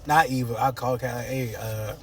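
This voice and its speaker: A man's voice: mid-range voice, fairly even intonation, moderate pace, fairly bright tone, distant mic, a little hiss or hum. A man casually recapping a soap opera episode, playfully acting out the characters' lines and joking.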